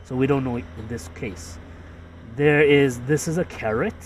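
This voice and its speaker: A man casually explaining his own ads in a halting, repetitive way, full of fillers and restarts. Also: medium pitch, far from the mic, slight background noise.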